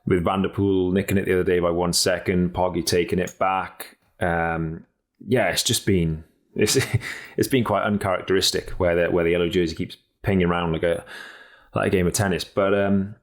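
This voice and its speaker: A man co-hosting a cycling podcast in casual chat, blunt and energetic, swearing freely and often restarting his sentences. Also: deep voice, normal speed. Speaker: podcast co-host and cycling pundit.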